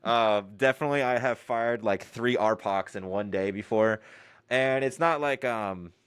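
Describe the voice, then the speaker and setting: A man who is a Navy drill instructor, answering interview questions in a relaxed, rambling way with laughs between points. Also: mid-range voice, measured pace, smooth, no echo, studio quality. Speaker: Navy recruit division commander, guest.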